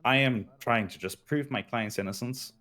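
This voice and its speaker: A man playing a defense attorney in an online roleplay, speaking formally and smoothly in courtroom language. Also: mid-range voice, normal speed, pushed and bright. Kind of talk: in-character roleplay.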